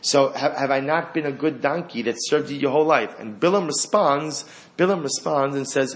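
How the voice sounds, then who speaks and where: Speaking at a moderate pace in a medium pitch, a man leads a Torah class, acting out the story's lines. He's animated and poses rhetorical questions throughout.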